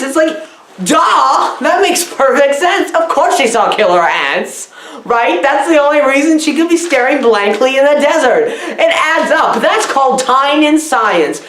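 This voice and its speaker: A woman's voice: high-pitched, expressive, measured pace, a bit bright, echoey room, slight background noise. A woman doing an absurd comedy film review, rambling and giggling, her voice swooping up and down erratically.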